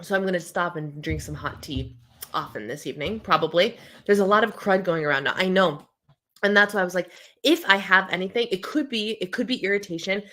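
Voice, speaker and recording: Fairly quick and a bit bright, this woman's lowish voice carries a scratchy throat as she hosts a casual home live-stream in her thirties, chatting through viewer comments and replying to them.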